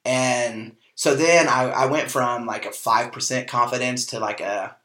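A man in his forties from Kansas, hosting a podcast and telling a personal story in an animated, casual way with plenty of fillers. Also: medium pitch, a little slow. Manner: animated storyteller, acts out quoted dialogue, frequent fillers. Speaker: podcast host. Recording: echoey room.

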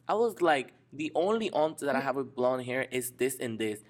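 A young man tells a story on a relaxed podcast, his voice at a middling pitch. He talks in a slangy, animated way, dropping "bro" and the odd word. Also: moderate pace. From Dominican Republic. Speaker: podcast co-host. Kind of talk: casual storytelling chat.

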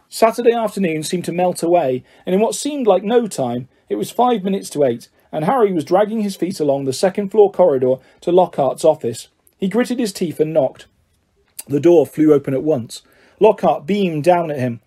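A man narrating a storybook in a steady, even storytelling manner. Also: a little high, moderate pace, breathy edge. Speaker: audiobook narrator.

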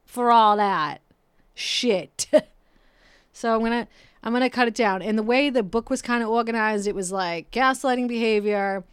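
A woman's voice: on the high side, moderate pace, clear, resonant tone, no echo. A woman hosting a solo podcast, ranting casually, swearing often and mocking herself, talking close to the microphone. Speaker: podcast host. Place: home room, painters working outside.

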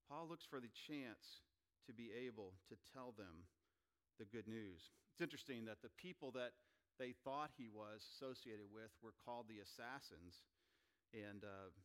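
A pastor preaching to his congregation. His voice swings from loud, emphatic lines down to quiet, soft asides. He reads scripture aloud in between. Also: medium pitch. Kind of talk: sermon.

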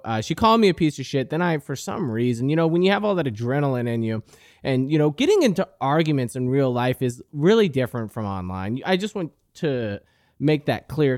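A man's voice: a little high, darkish tone, no echo, clean studio sound. A young man hosting a podcast, telling a profane comic story, crude and indignant. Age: young adult. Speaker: podcast host. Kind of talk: comedic storytelling monologue.

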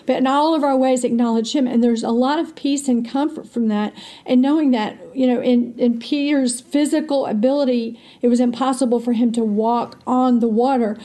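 A woman's voice: a little high, fairly even intonation, moderate pace, warm tone. A woman co-hosting a faith podcast, speaking in an earnest teaching tone and quoting scripture. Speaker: podcast co-host.

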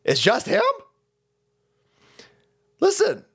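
A man's voice: huge pitch swings, very slow, creaky, breathy edge. A man hosting a political stream, ranting crudely and mocking people as he goes. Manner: crude, mocking, jumps into high mock voices.

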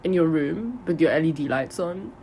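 A woman's voice: deep voice, animated, normal speed, warm tone, a little hiss or hum. Chatty young woman podcast co-host. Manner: chatty, laughs often, swears casually. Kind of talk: casual chat.

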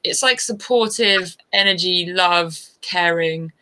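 Bright, chatty woman. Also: on the low side, takes it slowly, rough recording. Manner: chatty, laughs easily, rambling. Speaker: guest, adventure motorbike rider. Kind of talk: casual interview chat.

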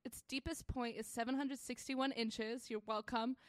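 A young woman co-hosting a podcast, chatting casually in an animated, joking way. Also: on the high side, normal speed, dry recording, clean studio sound. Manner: animated, joking, breaks into mock voices. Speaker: podcast co-host. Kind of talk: casual chat.

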